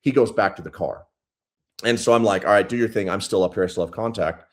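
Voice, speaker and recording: Blunt, profane man with a very deep voice. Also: fast. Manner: blunt, profane, intense retelling. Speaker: police sergeant guest. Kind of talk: casual storytelling interview.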